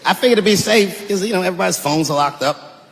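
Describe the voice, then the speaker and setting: A man performing a stand-up comedy set, telling stories with animated delivery and bursts of shouting. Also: sits high, fast talker, vocal fry, long reverb tail, background noise.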